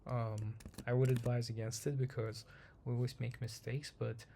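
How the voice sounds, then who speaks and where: A man hosting a daily market review, talking casually through charts in a slightly hoarse voice, rambling and repeating himself with many ums. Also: mid-range voice, flat delivery, moderate pace, mellow, slight background noise. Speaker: trading channel host.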